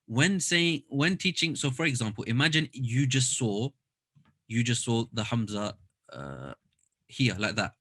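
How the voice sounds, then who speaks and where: A man's voice: medium pitch, animated, measured pace, a bit bright. A man teaching a Quran recitation class online, explaining step by step and demonstrating sounds aloud over a computer mic.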